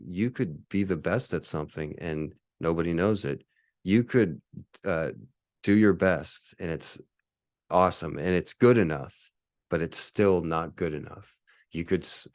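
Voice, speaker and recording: A man's voice: low voice, dry recording, studio quality. Profane, boastful man in his forties. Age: 40s. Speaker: podcast host. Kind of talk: ranting podcast monologue.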